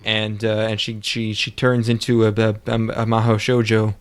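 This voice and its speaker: A man's voice: lowish voice, monotone, normal speed, clean tone. Offhand young man, casual podcast banter. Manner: loose, offhand, swears casually. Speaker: podcast co-host. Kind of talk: casual chat.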